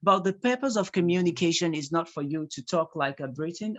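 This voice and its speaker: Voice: mid-range voice, fairly quick, a bit bright, lo-fi sound. Nigerian-accented tutor teaching a live class. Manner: reads chat replies aloud, repeats key points for emphasis. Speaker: speaking tutor.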